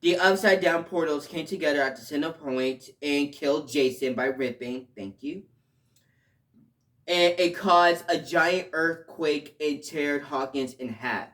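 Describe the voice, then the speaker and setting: A man's voice: a little high, unhurried. Emotional, rambling male show reviewer. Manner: emotional, rambling, swings from quiet to loud outbursts. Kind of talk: casual video review.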